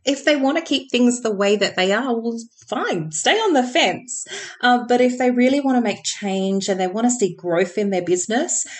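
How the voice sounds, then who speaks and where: A woman's voice: fairly high pitch, fairly quick, hardly any pauses. A woman, a podcast guest answering reflectively with many "um"s and "you know"s. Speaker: podcast guest, business owner. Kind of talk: conversational interview answers.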